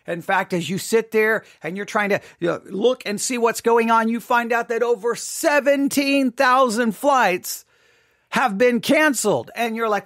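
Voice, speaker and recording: Man, high voice, dry studio sound, theology podcast host, vivid repetitive storytelling. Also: fairly bright tone, no echo. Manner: vivid, repetitive, builds tension with restarts and pauses. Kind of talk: dramatic second-person storytelling in a teaching podcast.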